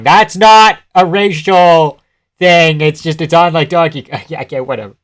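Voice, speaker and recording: A man's voice: a little high, moderate pace. A young man live-streaming casual commentary, laughing often, swearing and answering his chat as he talks.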